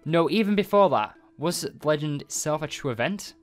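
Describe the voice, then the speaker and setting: A man's voice: fairly high pitch, animated, a little fast, soft background music, lightly acted. A man reading game dialogue aloud as a stern, commanding psychic creature who leads a team.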